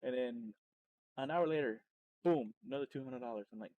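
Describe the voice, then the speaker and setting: A man, a streamer and podcast host, telling his story in a loose, rambling way, full of restarts and self-corrections, and getting animated when he retells exciting moments. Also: mid-range voice, fast, phone-quality sound. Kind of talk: casual personal storytelling.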